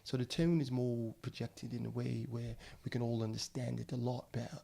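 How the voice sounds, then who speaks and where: Speaking into a studio podcast mic, a middle-aged male actor appears as a guest and talks in a casual, slangy, loose way, addressing people as bro. His medium-pitched voice has a flat delivery, moderate pace, vocal fry and a warm tone.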